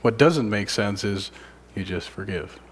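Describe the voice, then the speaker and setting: Male preacher, low husky voice, sermon delivery that drops to whispers for effect. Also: a little slow. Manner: swings from loud emphatic lines to hushed whispers.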